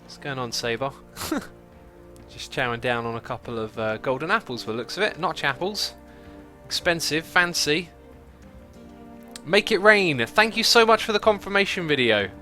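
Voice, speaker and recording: Bright-voiced man chatting on a game stream. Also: on the high side, expressive, moderate pace, soft background music. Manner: chatty, laughs often, reads out donations and chat. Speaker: streamer host. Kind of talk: casual livestream chat while gaming.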